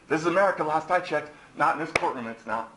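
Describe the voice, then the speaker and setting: A hoarse man in his forties, a defendant addressing the court in a heated, accusatory rant. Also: a little high, fast talker, noisy background. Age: 40s. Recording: echoey courtroom recording.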